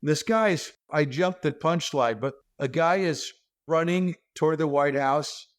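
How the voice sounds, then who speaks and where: A man, a stand-up comedian, telling animated, self-deprecating stories as a guest over a video call. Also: a little high, unhurried. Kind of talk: comic storytelling.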